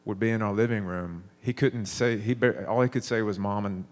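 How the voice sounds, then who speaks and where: A man who sounds to be in his thirties preaches in a relaxed, conversational manner, stopping and starting again as he tells stories. His voice sits slightly low, and he talks fairly quickly.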